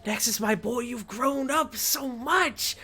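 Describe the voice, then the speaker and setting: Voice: mid-range voice, slow, pushed and bright, pitched above the performer's own voice, full character voice. A game master doing a fussy old gnome inventor. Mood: fussing. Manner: chatty, fussing, welcoming. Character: excitable older male gnome inventor.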